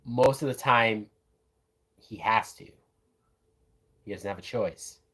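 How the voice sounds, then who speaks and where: A man's voice: fairly low pitch, takes it slowly, a bit bright. A man hosting a live watch-along, giving casual, profane, enthusiastic commentary on a film as it plays. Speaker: movie reaction host.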